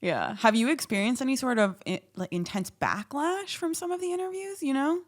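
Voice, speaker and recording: Chatty woman podcast host. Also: high-pitched. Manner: agreeable, chatty, backs up guest with quick reactions. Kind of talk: casual conversational interview.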